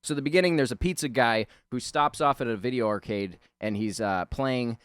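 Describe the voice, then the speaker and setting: A man's voice: medium pitch, a little fast, smooth, no room sound. A man who hosts a drawing channel, chatting casually as he draws. He rambles, laughs often and swears. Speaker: illustrator and channel host. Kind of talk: casual chat while drawing.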